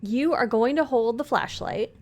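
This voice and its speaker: A woman's voice: on the high side, moderate pace, darkish tone. A woman streamer playing a game live, reading its dialogue aloud between chatty asides to her viewers at a desk mic. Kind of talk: live let's play commentary.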